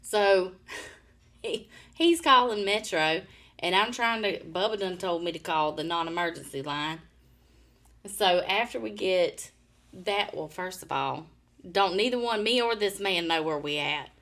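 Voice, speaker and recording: An older woman, a podcast co-host telling animated stories and laughing often. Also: on the low side, unhurried. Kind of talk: casual chat. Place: Nashville area.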